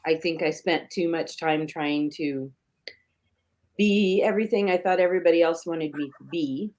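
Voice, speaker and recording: An older woman, a guest on a podcast, who talks in a hesitant, halting way with many restarts. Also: fairly low pitch, a little mellow. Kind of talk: casual podcast conversation.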